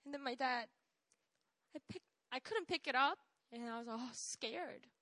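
A young woman, telling a personal testimony in an animated way, laughing often and checking in with "right?". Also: sits high, unhurried, no echo. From South Korea. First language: Korean. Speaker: speaker sharing a testimony.

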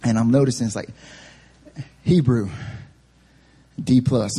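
A young adult male pastor preaching a sermon at a church service, telling a funny story about himself in an animated way. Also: medium pitch, normal speed, pauses often, husky. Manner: animated, self-deprecating storytelling. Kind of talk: sermon with humorous personal story.

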